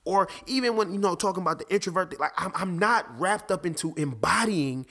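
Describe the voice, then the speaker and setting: Male podcast host and dad, somewhat high voice, casual and lively, stumbles and restarts. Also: brisk. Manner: animated, restarts often, acts out conversations. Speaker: father. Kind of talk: casual faith talk.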